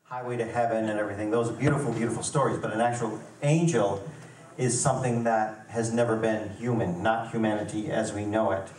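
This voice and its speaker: A man's voice: lowish voice, fairly even intonation, brisk, darkish tone, slight background noise. A man giving an earnest lecture at a conference, explaining his beliefs. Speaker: conference speaker. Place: conference hall. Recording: echoey hall, far from the mic.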